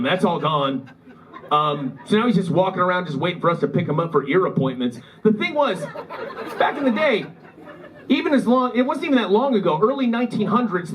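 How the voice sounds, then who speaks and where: In a comedy club before a live audience, a man with a Midwest American accent and a voice that sits high tells rambling, self-deprecating stories. The live club recording is rough, with the crowd's laughter in the background.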